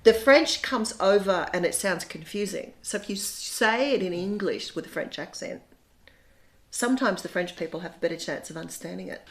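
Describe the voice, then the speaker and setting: A middle-aged woman with an Australian accent chats away in a fairly low voice. She talks freely and often restarts her sentences as she goes. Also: normal speed, creaky. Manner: chatty, repeats words when restarting. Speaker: guest, bed and breakfast owner. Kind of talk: casual chat.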